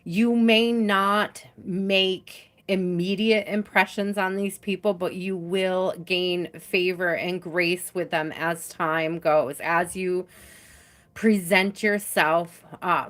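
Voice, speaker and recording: Slow, soft-spoken woman reading tarot. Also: lowish voice, steady tone. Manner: slow, soft and reassuring, with many fillers. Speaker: tarot reader. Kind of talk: live-stream tarot reading.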